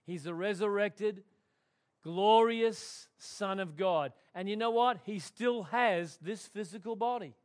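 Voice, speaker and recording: A man preaching a sermon, swinging from loud emphatic declarations to hushed, quiet tones. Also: high voice, slow. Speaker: pastor.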